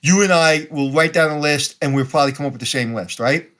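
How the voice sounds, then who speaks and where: Blunt New man, fairly high voice. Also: fast talker, a bit bright. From Brooklyn, New York. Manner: blunt, direct, acts out dialogue. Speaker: guest. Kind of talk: casual interview conversation.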